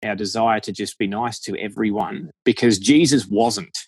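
A man's voice: lowish voice, normal speed, husky, no echo. A man with an Australian accent talking as a deacon guest in a frank, jokey podcast chat, laughing often. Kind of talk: casual podcast conversation.

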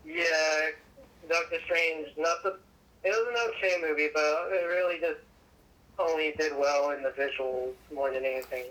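Bright-voiced laid-back man. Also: fairly high pitch, normal speed, low-quality recording. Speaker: podcast co-host. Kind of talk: casual film chat.

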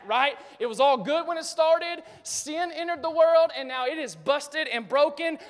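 Male pastor, high-pitched, casual and energetic sermon delivery, reverberant sanctuary. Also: moderate pace. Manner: energetic, casual, talks straight to the congregation and jokes. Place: church sanctuary. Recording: reverberant hall.

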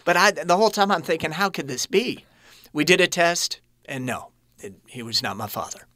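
A man in his late thirties telling his personal story as a podcast guest, earnest and halting, often restarting his sentences. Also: fairly high pitch, lively intonation, sharp tone, no echo.

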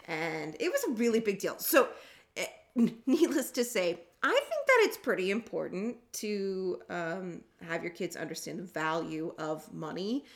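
A woman's voice: lowish voice, sing-song, unhurried, vocal fry. A woman co-hosting a podcast, telling stories in casual chat and laughing easily. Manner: chatty storyteller, laughs easily. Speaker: podcast co-host.

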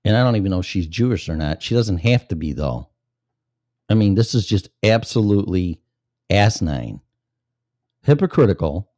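A man's voice: sits low, lively intonation, normal speed, pauses often, mellow, no echo, clean studio sound. A man from Illinois, hosting his own show, reading news stories aloud and breaking off into blunt, profane, sarcastic rants. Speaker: podcast host. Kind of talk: reading news with ranting commentary.

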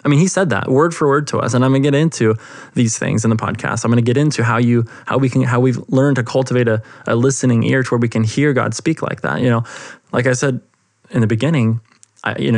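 A man's voice: medium pitch, quick pace, vocal fry, no room sound, clean studio sound. A young man hosting a faith podcast, telling a personal testimony in an earnest, enthusiastic way, with many fillers and restarts. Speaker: podcast host.

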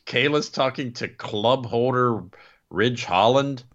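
A man's voice: medium pitch, slow, fairly bright tone, muffled recording. A man co-hosting a casual chat show, joking and recapping events, often slipping into silly quoted voices. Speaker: podcast co-host.

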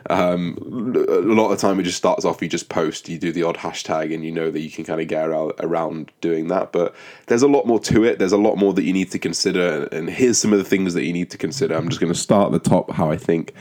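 A young man hosting his own podcast in a casual, rambling and profane way, with lots of ums and restarts and a flat, monotone delivery. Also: deep voice, fast talker. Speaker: podcast host. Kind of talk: casual solo podcast monologue.

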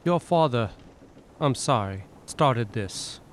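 A man voicing an earnest, proud young royal in a tabletop game, speaking slowly with deliberate pauses. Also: mid-range voice, lively intonation, slight background noise. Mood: accusing.

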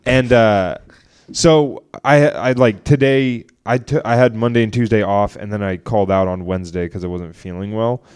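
A young man co-hosting a comedy podcast, telling a long story in a rambling, animated way and acting out what others said. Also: fairly low pitch, normal speed, clear, resonant tone. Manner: rambling, animated retelling with quoted voices. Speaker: podcast co-host. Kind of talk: casual storytelling chat.

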